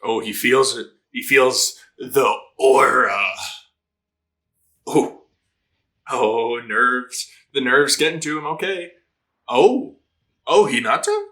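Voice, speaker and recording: A man with a bright, ringing voice gives casual reaction commentary as he watches. He sounds excitable and slangy, and he swears freely. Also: medium pitch, slow, long pauses. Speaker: anime reaction host.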